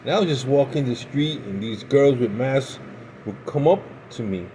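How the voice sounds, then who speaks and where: A man's voice: mid-range voice, expressive, dark tone, slight background noise, low-quality recording. Rambling American man telling old stories. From United States. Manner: rambling, halting with restarts. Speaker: pipe-smoking vlogger. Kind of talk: casual storytelling.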